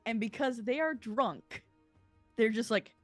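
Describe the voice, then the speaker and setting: A woman running a tabletop game as game master, talking in a halting way with many fillers. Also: on the high side, no echo, faint music behind.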